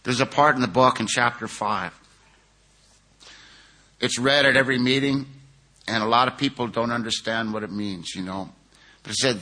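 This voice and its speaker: A man's voice: fairly low pitch, bright, forceful tone. A middle-aged man from California telling his personal recovery story to a conference audience, earnest and conversational, with frequent "you know.".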